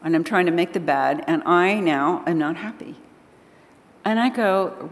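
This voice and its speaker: Older woman, low-pitched voice, animated storytelling, acts out dialogue, church talk, long hall reverb. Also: unhurried. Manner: animated, acting out conversations. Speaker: speaker at a church gathering.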